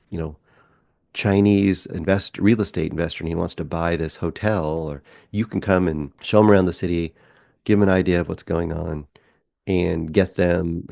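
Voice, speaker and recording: A man's voice: low voice, vocal fry, a little mellow, dry recording, studio quality. A man on a film podcast casually recapping a movie plot in a rambling way, acting out bits of the characters' talk as he goes. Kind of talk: casual movie review chat.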